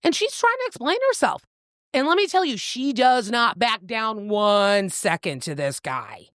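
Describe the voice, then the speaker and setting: A woman's voice: a little high, big pitch swings, unhurried, a bit bright, dry recording, clean studio sound. A woman co-hosting a book podcast, casually retelling a novel's plot in a playful, swearing, storytelling way.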